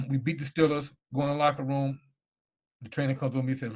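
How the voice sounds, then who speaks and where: A man's voice: medium pitch, level tone, brisk. A middle-aged man telling his story animatedly in a live Q&A, acting out the voices of people he quotes. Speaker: guest speaker.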